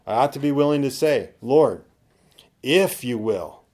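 A man's voice: mid-range voice, lively intonation, unhurried, darkish tone. A man preaching a sermon, teaching conversationally with tag questions and rising to emphatic peaks when he acts out quoted attitudes. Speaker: pastor.

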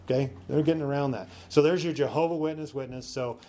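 A man teaches a sermon in a relaxed, coaching style, frequently checking in with "okay?" and slowing down whenever he reads scripture aloud. His voice sits on the high side with fairly even intonation, and crowd noise can be heard.

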